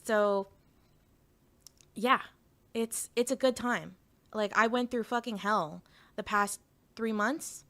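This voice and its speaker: A Canadian woman streaming as a VTuber reads her chat aloud and answers it, talking frankly and swearing freely. Her medium-pitched voice has a sharp edge, and she takes her time, pausing often.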